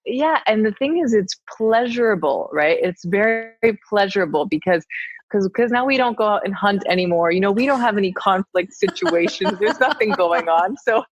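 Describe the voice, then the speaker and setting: A woman telling a candid personal story in conversation, animated and laughing often. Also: medium pitch, normal speed, no echo. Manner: animated, laughs often, acts out her own quoted lines. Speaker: podcast conversation partner. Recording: dull, dry lo-fi sound.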